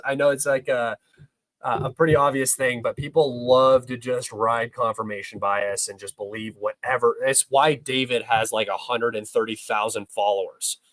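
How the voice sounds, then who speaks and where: Answering chat questions on his live stream, the young man is blunt and combative and sometimes curses, keeping the commentary heated. His voice is medium in pitch and a bit bright; the audio is poor, though free of echo.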